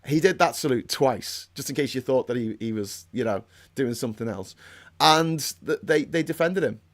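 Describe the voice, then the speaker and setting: A man's voice: medium pitch, moderate pace. A man hosting a casual political commentary livestream. He rambles and restarts often, gets heated, and reads out viewer comments. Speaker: host.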